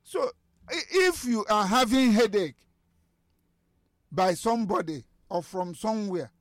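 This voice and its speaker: A man speaking as a guest on a radio talk show, halting with restarts, then pressing emphatic questions. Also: sits high, animated, dry recording, studio quality. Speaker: studio guest.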